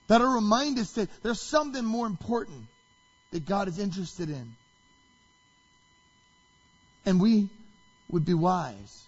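Male pastor, sermon, raised husky voice, dramatic delivery, muffled recording. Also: high-pitched, animated, normal speed. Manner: dramatic, shifts between hushed and shouted quotes.

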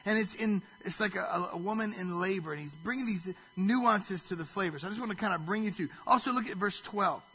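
A man's voice: high-pitched, a little fast, hardly any pauses, bright, forceful tone, breathy edge, lo-fi sound. A man preaching a sermon as pastor, reading scripture aloud and stopping to put rhetorical questions to the listeners.

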